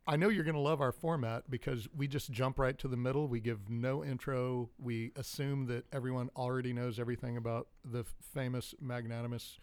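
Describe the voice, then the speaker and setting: A man's voice: mid-range voice, steady tone, fairly quick, hardly any pauses, a little mellow, clear, resonant tone. A man co-hosting a podcast in casual chat, joking and rambling, laughing often. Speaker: podcast co-host.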